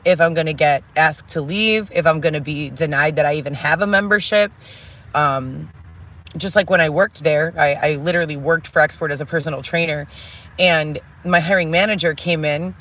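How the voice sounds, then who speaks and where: A woman's voice: deep voice, a bit bright. A woman vents straight to camera in a candid monologue. She talks bluntly and with heavy emphasis, swears freely and stacks one grievance on the next. Her sentences ramble, restart and run into long lists. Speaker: vlogger telling personal stories.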